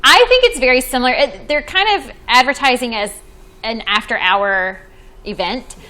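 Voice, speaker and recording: A woman's voice: on the high side, lively intonation, moderate pace, bright, forceful tone, low-quality recording. A woman hosting a podcast as a vacation planner, chatting casually and laughing often while she explains plans. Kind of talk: casual chat.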